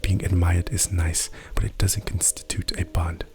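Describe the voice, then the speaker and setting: A man's voice: sits low, little pitch movement, moderate pace. A man voicing a vain, world-weary male vampire in a whispered role-play, with a put-on European-style accent.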